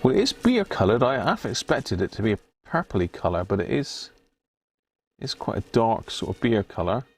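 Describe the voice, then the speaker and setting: Gravelly, husky British man chatting. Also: fairly low pitch, big pitch swings, normal speed. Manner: chatty and jokey, reading labels aloud. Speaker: radio repair live-stream host. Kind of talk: casual live-stream chat.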